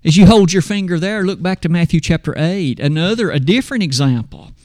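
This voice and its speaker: A man delivering a sermon, reading scripture aloud with slow, emphatic pauses. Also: high-pitched, animated, a little mellow, dry recording, studio quality. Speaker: preacher.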